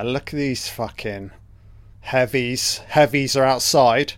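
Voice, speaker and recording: Slow, profane man reacting to a film. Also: mid-range voice, dry recording. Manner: profane, chatty reactions to the screen. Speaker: film commentator. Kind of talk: casual film watch-along commentary.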